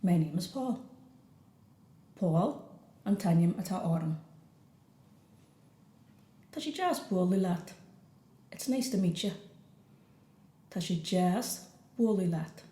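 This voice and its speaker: An Irish woman leads a beginner language lesson in a fairly low, mellow voice. She says each phrase slowly and then repeats it. The sound is roomy and echoey. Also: expressive.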